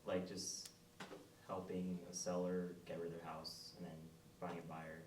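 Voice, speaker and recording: A young man with a very deep voice answers slowly and nonchalantly, filling pauses with likes and ums. He sounds distant from the microphone in an echoey room, with faint background noise. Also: little pitch movement, darkish tone. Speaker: new investor asking for advice. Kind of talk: hesitant answers in a live group session.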